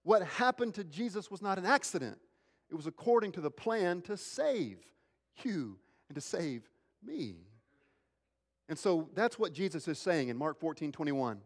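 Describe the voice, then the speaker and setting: A male pastor preaching a sermon, swinging between emphatic, raised lines and hushed, slow ones. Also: a little high, very animated, long reverb tail.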